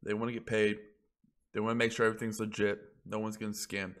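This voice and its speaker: A man's voice: lowish voice, flat delivery, fast talker, a bit bright. A man blogging about crypto in a casual ranting monologue, heated and profane, rambling as he goes.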